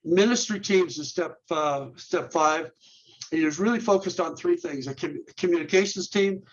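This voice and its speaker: A man's voice: fairly high pitch, normal speed. Earnest man on a dull lo-fi recording. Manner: earnest, lists steps and rhetorical questions, repeats and restarts words. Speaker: guest, men's ministry leader. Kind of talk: instructional interview talk.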